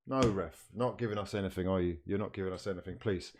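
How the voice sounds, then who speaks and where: A man's voice: low-pitched, fast talker, hardly any pauses, a little mellow. A man hosting a football watchalong, switching between mock play-by-play commentary and sweary, pleading outbursts at the match.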